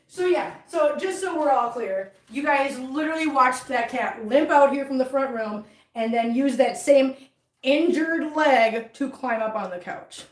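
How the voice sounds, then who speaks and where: A woman's voice: high voice, unhurried, reverberant, slight background noise. A woman vlogging at home about her cats, chatting casually and cooing at the kittens in a sing-song voice. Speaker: cat channel vlogger. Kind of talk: casual vlog chat and baby talk to cats. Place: home living room with hardwood floor.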